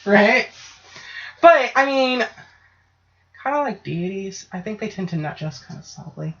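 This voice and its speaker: A woman's voice: medium pitch, animated, measured pace. Swearing, jokey woman on a dull recording. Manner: swearing, loose and jokey, frequent "right?". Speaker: podcast co-host. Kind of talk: casual chat. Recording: dull lo-fi podcast audio.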